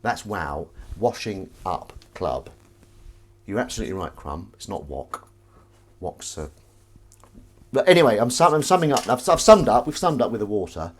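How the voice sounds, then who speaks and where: A man's voice: fairly low pitch, animated, moderate pace, breathy edge. A man hosting a live stream, chatting casually and rambling playfully with wordplay.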